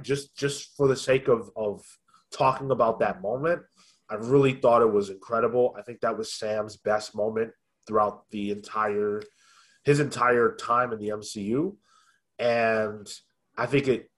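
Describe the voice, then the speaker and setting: A man co-hosting a podcast, chatting casually in a thoughtful way, often pausing with ums and restarting his sentences. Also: on the low side. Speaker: podcast co-host. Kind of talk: casual review chat.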